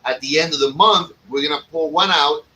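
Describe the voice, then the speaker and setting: A man hosts a laid-back podcast and runs through promotions in a joking, rambling way full of ums and uhs. His voice is bright and a little high. He sits back from the mic, and a faint hiss runs under it. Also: a little fast, far from the mic, muffled recording. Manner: chatty, jokey, plugs promotions with filler words. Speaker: podcast host and cigar shop owner. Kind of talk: casual podcast chat.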